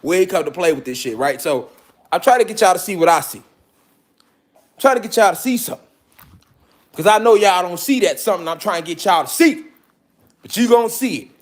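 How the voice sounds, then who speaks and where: A man's voice: sits high, lively intonation, brisk, long pauses. A man giving a profane, preachy lecture to his viewers, full of repeated call-and-response asides. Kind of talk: street-style lecture to viewers.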